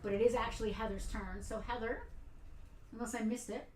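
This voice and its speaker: A woman's voice: a little high, steady tone, brisk, crowd noise. A woman hosting a casual livestream giveaway from a toy store, chatty and giggly, with blunt outbursts. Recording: roomy echo, a bit far from the mic.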